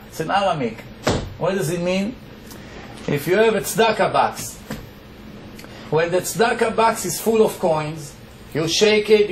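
High-voiced Israeli rabbi lecturing. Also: male voice. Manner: emphatic, rhetorical questions answered himself. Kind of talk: Torah lecture to a congregation. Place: lecture hall. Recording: echoey hall with faint background noise.

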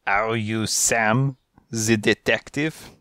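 A man's voice: fairly low pitch, steady tone, takes it slowly, fairly bright tone, clear, resonant tone, no room sound, clean studio sound. A man voicing an elegant, well-bred grey male cat who speaks politely and formally with a French accent, in an audiobook. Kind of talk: audiobook character voice.

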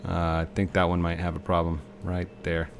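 A man's voice: low voice, monotone, moderate pace, vocal fry, a little hiss or hum. A man giving casual, rambling commentary while playing a video game, talking to himself and the game. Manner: chatty, talks to himself and the game.

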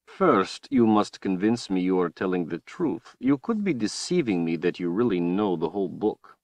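A cruel tyrant wizard, as a man puts him on in an audiobook, drawling each taunt slowly and swinging his low voice up and down with mocking relish. The sound is close and dry, with no room around it. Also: sing-song, no room sound. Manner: slow, taunting, drawn-out delivery. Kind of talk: audiobook character voice.

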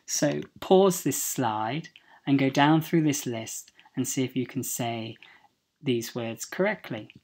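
A woman's voice: very deep voice, expressive, takes it slowly, a little mellow. A woman English teacher with a British accent giving a recorded pronunciation lesson over slides, carefully saying each word twice for students to copy.

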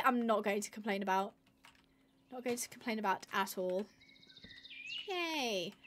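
Lively woman streaming a game. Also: a little high. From United Kingdom. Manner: chatty, rambling, reads viewer comments aloud. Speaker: live streamer. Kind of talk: casual live-stream game commentary.

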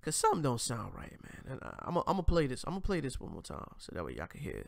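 Gravelly, animated man hosting a commentary show. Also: medium pitch, fast, dry recording, studio quality. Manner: slangy, profane, talks straight to viewers. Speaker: host. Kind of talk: casual commentary reacting to clips.

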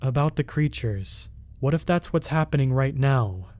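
A man voicing a wounded teenage boy who asks hushed, worried questions. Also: medium pitch, expressive, moderate pace, close to an everyday voice.

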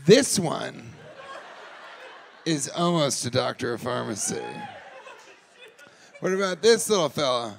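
A man doing improvised stand-up crowd work, teasing people in the audience, laughing often and shouting out punchlines. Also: fairly high pitch, huge pitch swings, takes it slowly, gravelly, pauses often, a little hiss or hum. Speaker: stand-up comedian. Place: live comedy club.

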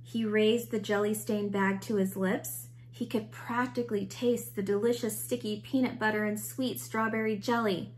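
Woman teacher, picture-book read-aloud, expressive storytelling, middle-pitched voice. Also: normal speed, hardly any pauses, slight background noise.

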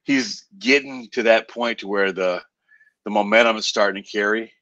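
A man chatting as a guest on a livestream, animated and excitable. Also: on the low side, normal speed, dry recording, highs cut off. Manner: animated, excitable, swears casually. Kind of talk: casual livestream chat.

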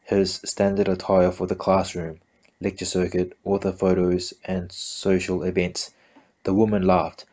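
A man's voice: sits low, completely flat delivery, measured pace, darkish tone. A man reading a novel aloud, often tripping over words and correcting himself. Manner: stumbling, frequent self-corrections. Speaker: amateur audiobook reader.

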